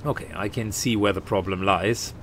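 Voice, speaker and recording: A man narrating his own gameplay in a relaxed, musing way. His voice sits somewhat low. He fills pauses with frequent "uh"s, and a faint hiss runs underneath. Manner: relaxed, musing, with many fillers. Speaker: let's play host. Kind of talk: gaming commentary.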